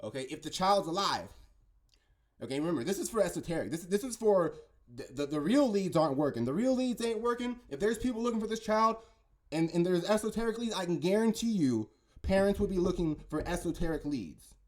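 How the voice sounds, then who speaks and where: Brisk and high-pitched with lively intonation, a man rambles casually about conspiracies. He's insistent, frequently stumbles over his words, and keeps asking "right?" and "okay?".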